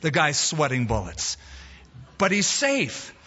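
Animated man preaching in a reverberant hall. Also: a little high, takes it slowly, slightly rough. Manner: animated storytelling, emphatic quotes. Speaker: pastor. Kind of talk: expository sermon with humor. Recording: dull reverberant hall recording.

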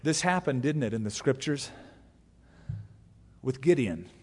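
A man's voice: medium pitch, a little slow, breathy edge, long reverb tail. A man pastor teaching a Bible sermon, telling the story with humor and acting out the quotes. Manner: animated storyteller who acts out quotes with humor.

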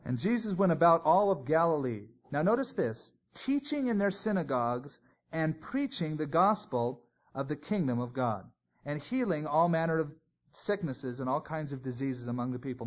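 A man's voice: fairly high pitch, sing-song, normal speed. A man teaching a Bible sermon in a conversational way, with joking asides. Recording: dull lo-fi recording.

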